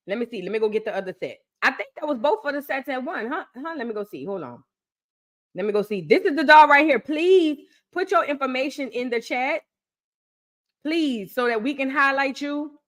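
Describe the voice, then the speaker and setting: An excitable young woman talks straight to her stream's chat and repeats her favorite phrases for emphasis. Her voice sits a little high, and her delivery is emphatic and animated. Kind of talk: casual live-stream chat.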